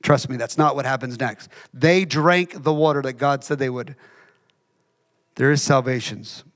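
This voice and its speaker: A man's voice: mid-range voice, moderate pace, fairly bright tone. A man preaching a sermon in a conversational, emphatic way, repeating phrases for effect.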